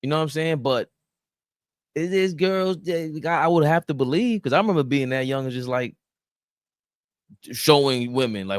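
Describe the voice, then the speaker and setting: A man's voice: a little high, lively intonation, moderate pace, pauses often, clear, resonant tone, no room sound. Laid-back man chatting sports, dry close mic. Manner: loose, laughing, profane banter. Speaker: sports talk host. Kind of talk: casual sports chat.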